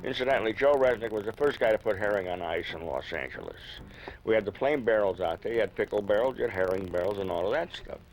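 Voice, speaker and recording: A man's voice: fairly low pitch, quick pace, slight background noise, poor audio. Older man telling humorous anecdotes. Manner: chatty, humorous anecdotes, chuckling. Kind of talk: interview storytelling.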